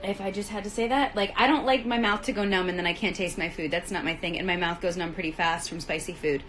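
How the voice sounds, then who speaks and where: A woman's voice: fairly low pitch, steady tone, fast talker, a bit bright, a little hiss or hum, rough recording. A woman hosting a casual livestream outdoors by the trailers on a film set, out of breath, bubbly and rambling, talking into a phone held at arm's length. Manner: bubbly, rambling, laughs often.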